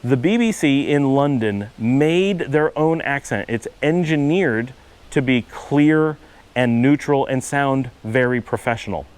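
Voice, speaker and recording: A man's voice: mid-range voice, measured pace, a little mellow, smooth. An American man with a Northern US accent talks outdoors into a handheld camera, explaining things thoughtfully with frequent restarts. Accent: Northern US, Cleveland-Buffalo area. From United States. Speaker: vlogger. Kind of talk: casual explanatory monologue.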